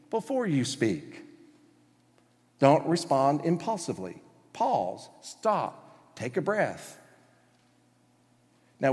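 A man's voice: on the high side, a little mellow, long reverb tail. A man preaching a sermon as pastor, emphatic, acting out quotes and asking the congregation questions.

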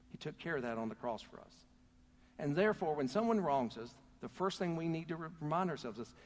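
A man preaching a sermon as pastor, earnest and calling on the congregation to answer back. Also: mid-range voice. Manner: earnest, calls out to the congregation for responses. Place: church. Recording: long hall reverb.

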